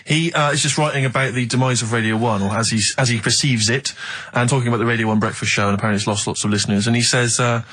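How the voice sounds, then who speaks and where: A man's voice: medium pitch, steady tone, racing, a bit bright, poor audio. A man co-hosting a comic radio chat in a dry, mock-earnest way, at a studio microphone. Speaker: radio co-host.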